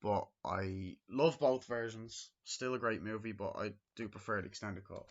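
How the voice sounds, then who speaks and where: A man's voice: on the low side, normal speed. A man casually reviewing a movie, rambling and packing his talk with fillers like "um" and "you know". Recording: dull lo-fi recording.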